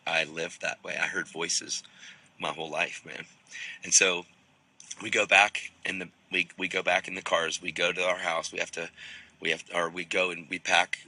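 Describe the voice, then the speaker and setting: A man's voice: low-pitched, pushed and bright, rough recording. A man who teaches the Bible, telling a story casually and rambling a little, with frequent restarts.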